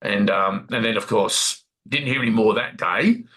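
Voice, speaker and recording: A man's voice: on the low side, moderate pace, bright, forceful tone, rough recording. An Australian man playing a chatty warehouse supervisor who rambles, repeats himself and recounts what others said during a role-played workplace investigation interview. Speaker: workplace witness being interviewed.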